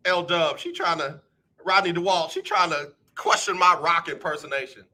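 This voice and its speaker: A man hosting a live radio talk show, animated and joking as he teases his listeners. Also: on the high side, normal speed. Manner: animated, joking, playful teasing. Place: radio studio.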